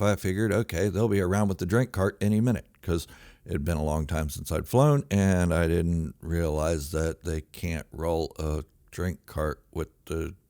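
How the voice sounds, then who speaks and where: A man with a very low voice tells a true story in a loose, casual monologue. He mocks himself and plays up the drama with sudden loud bursts. The sound is close and dry, with no room around it. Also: no echo. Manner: self-mocking, dramatic retelling with sudden loud outbursts.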